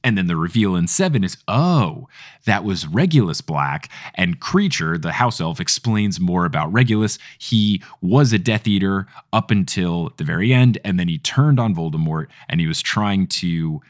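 A man's voice: low-pitched, expressive, moderate pace, no echo, clean studio sound. A man hosting a podcast, chatting casually and explaining a plot at length, laughing often. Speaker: podcast host.

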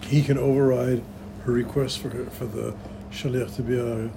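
A man's voice: medium pitch, flat delivery, normal speed, creaky, background noise. A man in a study class who breaks in with short questions, heard from away from the mic. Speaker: student.

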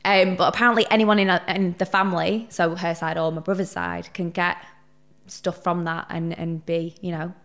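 Chatty young woman, low voice. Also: normal speed. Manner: chatty, animated storyteller who swears casually. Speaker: podcast guest. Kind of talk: casual interview chat.

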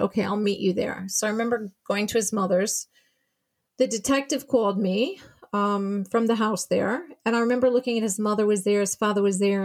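A woman recounts receiving devastating news, voicing each person in the story as she goes. Her voice sits at a middle pitch for a woman and moves between hushed and urgent. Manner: tells events by acting out quoted dialogue. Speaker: interviewee, mother of a murder victim. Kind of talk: emotional personal account.

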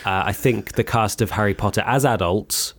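A man's voice: lowish voice, moderate pace, fairly bright tone. Man telling a rambling story. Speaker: podcast host. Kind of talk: casual chat.

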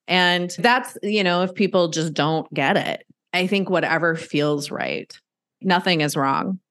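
A woman's voice: lowish voice, measured pace, fairly bright tone. A middle-aged woman telling a personal story in candid conversation, earnest and emphatic, acting out what people said. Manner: earnest, emphatic, acts out quotes. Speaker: guest sharing pet loss story.

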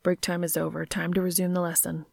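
A woman voicing a gentle, teasing young man in a story she reads aloud, speaking in a soft, hushed way. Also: on the low side, flat delivery, fast talker, creaky, no room sound, studio quality.

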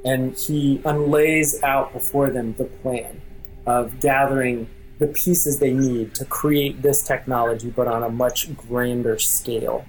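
Casual game master narrating a scene. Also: male voice, mid-range voice, steady tone, unhurried, low-quality recording. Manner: casual, rambling, many fillers. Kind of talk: narrating a tabletop role-playing game.

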